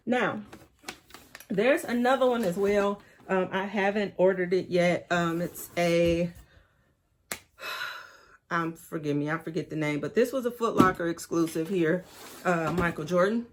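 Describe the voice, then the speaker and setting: Excited Detroit woman, casual haul vlogger, talks straight to viewers, faint background noise. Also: fairly low pitch, measured pace. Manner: excited, chatty, addresses viewers as y'all. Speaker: sneaker vlogger. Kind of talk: casual unboxing haul vlog.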